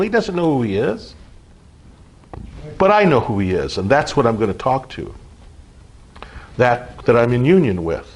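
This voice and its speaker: Middle-aged man, husky voice, earnest informal preacher who keeps checking in with the group. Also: medium pitch. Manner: earnest, repetitive, frequent "okay?" check-ins. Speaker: spiritual group leader. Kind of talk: informal spiritual teaching.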